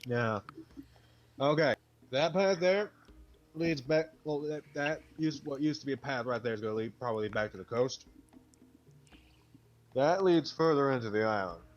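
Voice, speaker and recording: A man with a Southern US accent playing a tabletop game, talking fast and stumbling over his words. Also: mid-range voice, muffled recording. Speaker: player. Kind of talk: casual tabletop play.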